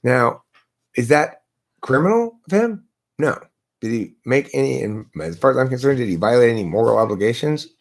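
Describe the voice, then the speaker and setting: A man's voice: mid-range voice, expressive, moderate pace. Argumentative man hosting a live stream. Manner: argumentative, lecturing, rhetorical questions. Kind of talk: casual philosophical debate. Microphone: laptop.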